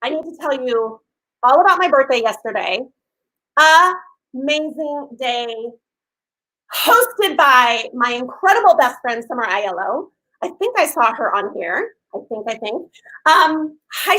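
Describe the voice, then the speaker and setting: A woman in her fifties hosting a casual live stream, gushing and talking loudly to her viewers. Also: sits high, expressive, moderate pace, poor audio. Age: 50s. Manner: effusive and gushing, talks loudly.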